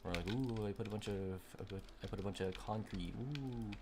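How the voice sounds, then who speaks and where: A young man streaming a game, talking casually and rambling with lots of fillers and quick irritation. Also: on the low side. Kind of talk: casual gaming stream chat. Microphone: desk microphone. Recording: noisy home mic with keyboard clicks. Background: keyboard clicks and typing.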